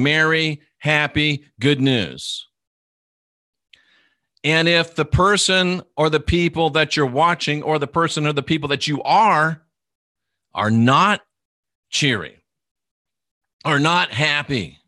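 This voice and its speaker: Slow, bright-toned preaching man. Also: fairly high pitch, no room sound, studio quality. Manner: emphatic, repetitive preaching cadence; draws out words, spells them out. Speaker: minister. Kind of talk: preaching livestream talk.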